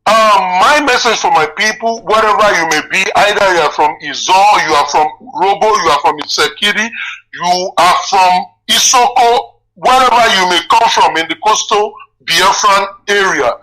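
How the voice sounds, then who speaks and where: A man's voice: high voice, moderate pace, sharp tone, low-quality recording. A man calling in to a live show, deferential and addressing the host as sir. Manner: deferential, says sir often. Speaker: caller. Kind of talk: phone-in talk.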